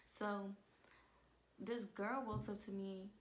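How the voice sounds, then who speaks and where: A young woman vlogging at home, telling an emotional personal testimony in a casual way and often dropping into soft whispers. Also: medium pitch, fairly even intonation, slow.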